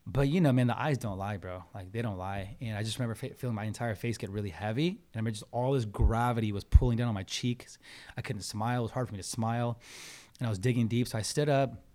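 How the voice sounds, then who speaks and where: A man in his thirties telling a personal story in a casual interview, animated, acting out quotes and swearing freely. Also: fairly low pitch, fast talker. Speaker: podcast guest.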